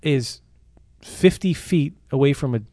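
A man's voice: medium pitch, measured pace, dark tone, no room sound, clean studio sound. A man co-hosting a podcast, riffing jokily in casual comedic chat and swearing freely. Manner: riffing, jokey, swears, bursts into mock-outraged bits. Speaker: podcast co-host. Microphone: studio microphone.

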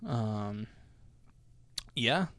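A man's voice: on the low side, animated, very slow, fairly bright tone, dry recording. A young man co-hosting a podcast, rambling in casual chat, laughing often and swearing freely into a podcast mic. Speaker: podcast co-host.

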